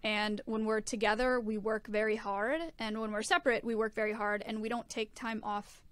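A woman's voice: on the high side, little pitch movement, moderate pace, smooth, no room sound. A young woman co-hosting a podcast, explaining her side in a frank, casual way. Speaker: podcast co-host. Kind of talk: casual chat.

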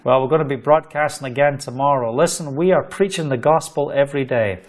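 A man's voice: medium pitch, a little fast. A middle-aged man preaching a livestreamed sermon, fervent and storytelling, repeating phrases for emphasis.

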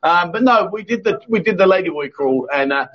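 A man's voice: sits high, expressive, a little fast, a bit bright. A man hosting a casual live chat show, reading out viewer comments and joking with his co-host. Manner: jokey, banters with co-host, frequent restarts. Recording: dull lo-fi stream audio.

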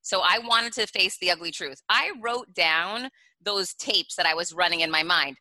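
Bright, animated woman guest. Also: lowish voice, normal speed, dry recording, rough recording. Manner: animated storyteller, acts out sing-song baby talk. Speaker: guest author. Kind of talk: podcast interview.

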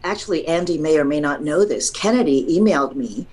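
A woman who teaches voiceover, chatting casually and telling lively stories with frequent laughter. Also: sits low, brisk, low-quality recording. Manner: animated storyteller, laughs often. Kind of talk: casual panel chat.

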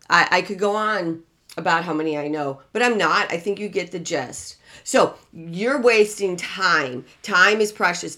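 Emphatic woman podcast host, low-pitched. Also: fairly bright tone. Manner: emphatic, preachy, repeats key phrases with rising intensity. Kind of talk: motivational podcast talk.

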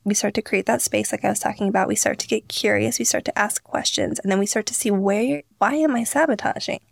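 An earnest young woman tells stories on a podcast, slipping into quoted voices as she goes. Her voice carries a gravelly fry. The sound is dry and close. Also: medium pitch, fast, no room sound. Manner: earnest, storytelling, acts out quotes. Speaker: podcast guest, founder. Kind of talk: candid interview talk.

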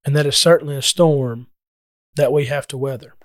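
A man's voice: medium pitch, fairly even intonation, brisk. Man doing a bible lesson sermon, earnest and emphatic, dry sound, no room echo. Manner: earnest, emphatic scripture reading. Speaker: preacher.

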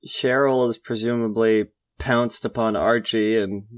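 A woman's voice: very deep voice, steady tone, unhurried. A woman co-hosting a podcast, dropping wry, sarcastic asides in casual chat. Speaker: podcast co-host.

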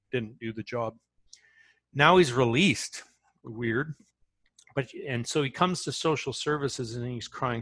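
A man's voice: mid-range voice, fairly bright tone, dry recording. A man speaking as an author in an interview, talking earnestly and often restarting his phrases as he tells a story.

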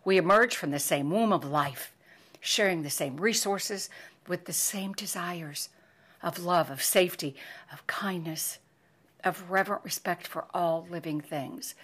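An older American woman hosting a podcast gives an emotional, pleading monologue that shifts between loud emphasis and hushed near-whispers. Her pitch is fairly low.

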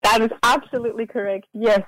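A woman's voice: on the high side, steady tone, fast talker, fairly bright tone, no room sound, low-quality recording. A woman from Austria, a branding expert guest, chatting on a podcast. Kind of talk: interview talk.

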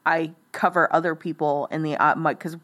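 A woman's voice: low voice, steady tone, moderate pace, fairly bright tone. A young woman chatting casually as a guest, rambling and laughing at her own jokes. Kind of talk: casual chat.

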